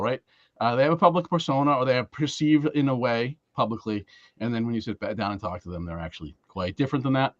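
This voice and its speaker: A man hosting a local podcast, talking in a rambling, halting way with many fillers and restarts. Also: mid-range voice, no echo. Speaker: podcast host. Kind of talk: casual podcast chat. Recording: dry, dull lo-fi sound.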